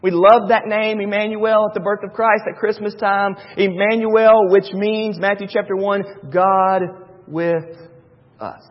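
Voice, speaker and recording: High-voiced preacher in a hall. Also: male voice, steady tone, unhurried. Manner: repetitive, emphatic preaching with homely asides. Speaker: pastor. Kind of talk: sermon. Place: church sanctuary. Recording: dull reverberant hall.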